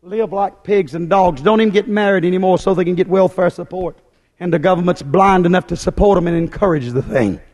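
A man's voice: sits high, brisk, darkish tone. A man preaching a fiery sermon with an emphatic, hammering, repetitive delivery. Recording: long hall reverb.

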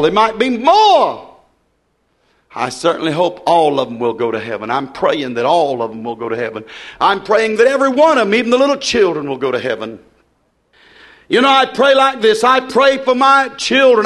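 Older male preacher, fiery revival delivery, high voice that swings widely, shouting and then dropping low. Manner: shouting, rising and dropping sharply in fervent preaching.

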